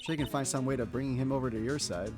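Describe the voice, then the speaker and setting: A man's voice: medium pitch, fast talker, lightly acted. A man reading an eager young woman sidekick. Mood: urgent. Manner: urgent, plain read-aloud delivery. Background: video game music.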